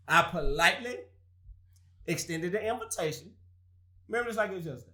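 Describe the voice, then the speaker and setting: A man's voice: sits high, lively intonation, fairly quick, bright, forceful tone. A man hosting a casual sports talk show, trash-talking rival fans with frequent laughter.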